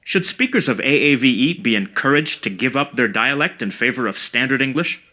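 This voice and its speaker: A man giving scripted educational narration about speech sounds, in a measured and precise way. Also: mid-range voice, animated, sharp tone. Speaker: language educator.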